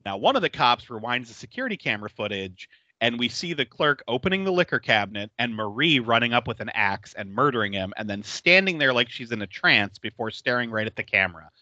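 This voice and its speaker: Lively, bright-voiced man recapping a film. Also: medium pitch, quick pace, dry recording, highs cut off. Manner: animated, laughing often, swears freely. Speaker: podcast host. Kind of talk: casual chat recapping a horror film.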